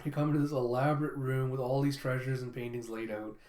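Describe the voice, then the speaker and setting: A man hosting an anime reaction video, recapping scenes excitedly and reading every character's lines himself. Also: medium pitch, quick pace. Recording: roomy echo.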